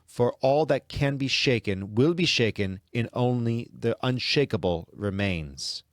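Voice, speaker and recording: A man's voice: medium pitch, lively intonation, measured pace, no echo, clean studio sound, natural voice. A man reading out the lines of a stern older male guide in an attempted Scottish accent. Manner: stern, instructive.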